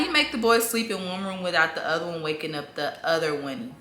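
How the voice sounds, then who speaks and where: A young woman chats through a casual parenting Q&A, laughing easily and jumping into playful high voices when she shows how she talks to her toddler. Her tone is bright and a little low-pitched, and the sound carries the echo of a bare room at home with a faint hum behind her. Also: fairly quick, hardly any pauses. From southern United States. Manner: chatty, laughs often, lively acted-out baby-talk bursts. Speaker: mom vlogger answering viewer questions. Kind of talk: casual sit-down Q&A. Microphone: camera mic. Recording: echoey room, faint room noise.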